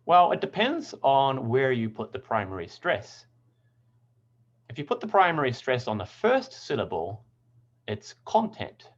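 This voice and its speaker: A man gives a scripted English pronunciation lesson and leans hard on each example word. His low voice rises and falls with lively emphasis. The recording sounds slightly dull. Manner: clear, deliberate teaching with stressed example words.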